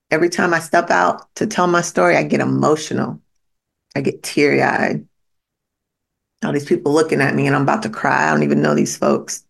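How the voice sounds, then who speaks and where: Gravelly-voiced woman giving a blunt pep talk. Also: low voice. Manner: emphatic repetition to the listener. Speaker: podcast host. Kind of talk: motivational podcast monologue.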